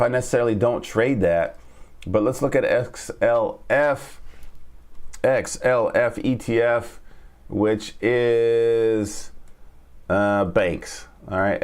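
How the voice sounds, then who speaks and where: A man's voice: lowish voice, a little mellow. A man hosting a live trading lesson. He repeats his key points, stops to ask "all right?" after each one, and reads and answers the live chat. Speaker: trading coach and stream host.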